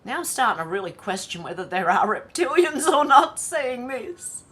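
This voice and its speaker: An Australian woman hosting a casual livestream, chatting and reacting out loud. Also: a little high, very animated, unhurried. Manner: chatty, reads comments aloud and reacts with laughs. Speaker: livestream host.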